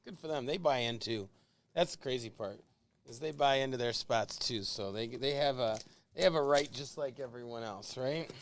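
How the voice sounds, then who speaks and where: A man's voice: medium pitch, vocal fry, slight background noise. A man hosting a late-night sports card break livestream, chatting casually with viewers by name while opening boxes, laughing easily. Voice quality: calls his own voice whiny.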